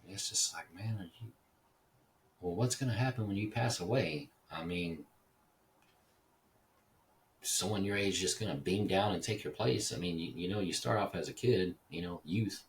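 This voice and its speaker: A man's voice: deep voice, moderate pace, pauses often, distant mic. A man from Dallas, Texas, hosting a casual, rambling monologue, digressive and swearing casually. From Dallas, Texas (Oak Cliff). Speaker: podcast host.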